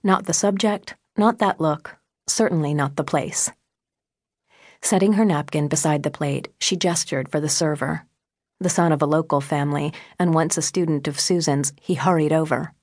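A woman narrating an audiobook in a measured, intimate way, recorded on a close studio microphone. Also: deep voice, fairly even intonation, a little mellow, no echo.

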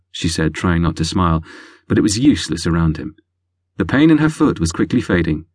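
A man reading a romance audiobook in scripted narration, wry and lively. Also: low-pitched, fairly quick, dry recording, studio quality.

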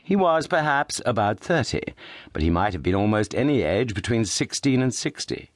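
Male audiobook narrator, lowish voice, lively expressive reading, dry studio sound. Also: normal speed, dry recording. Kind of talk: scripted narration of a classic novel.

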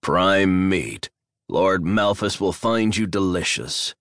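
A man's voice: sits low, expressive, slow pace, a bit bright, no room sound, clean studio sound, exaggerated voice. A male narrator voicing a bloated, sneering alien slaver who gloats and barks orders. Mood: gloating.

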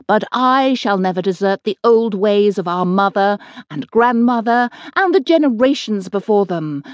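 A woman's voice: mid-range voice, a little mellow, no echo, highs cut off, pitched above the performer's own voice. A woman voicing a fierce, bossy old witch who hurls scornful insults, in a close dry studio recording. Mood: thundering.

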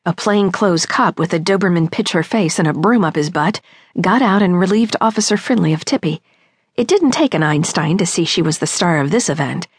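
A woman's voice: fairly low pitch, lively intonation, a little fast, breathy edge, no room sound, clean studio sound. A woman narrating a comic mystery audiobook in the first person, with a wry, knowing storytelling manner.

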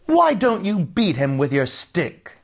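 A man voicing a shrill, grumpy young bride who snaps and shrieks. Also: huge pitch swings, slow pace, gravelly, exaggerated voice. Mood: shrieking. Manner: shrieking, snappish.

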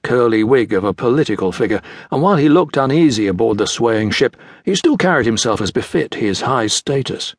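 A man narrating a children's adventure audiobook in a measured storytelling delivery. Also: mid-range voice, no echo, clean studio sound. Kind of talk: scripted narration.

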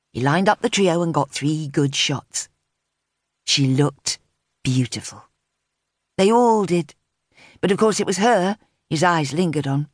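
A woman narrating a contemporary novel as an audiobook in a measured, even-toned reading. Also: low-pitched, no room sound, studio quality. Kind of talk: scripted narration.

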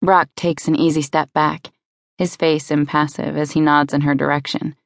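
A woman reads a first-person romance audiobook in a measured, intimate manner. Her voice is low and gravelly with some vocal fry. The close studio recording is dry and free of room sound. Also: flat delivery, no room sound. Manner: measured, intimate, descriptive reading. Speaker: audiobook narrator.

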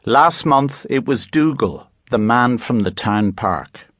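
Man reading calm young girl, matter-of-fact, slow, dry close sound. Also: mid-range voice, no room sound. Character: calm twelve-year-old girl, undertaker's daughter.

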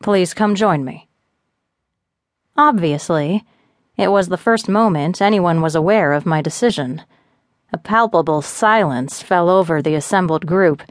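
A woman narrates an audiobook in a steady, even storytelling manner. Her voice is fairly low for a woman. The recording is dry and close, with no room echo.

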